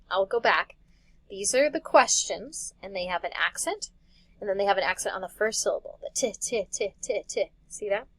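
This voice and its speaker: A woman teacher talks through a recorded lesson in a casual, patient way, explaining step by step and laughing lightly now and then. Her voice sits at a middle pitch. The sound is close and dry, with no room echo. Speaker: Greek teacher. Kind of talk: recorded classroom lecture.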